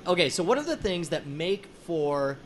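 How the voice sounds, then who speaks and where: A man's voice: high voice, big pitch swings, unhurried, a little hiss or hum. A man hosting a live web show in casual chat, rambling, joking and laughing often. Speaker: host.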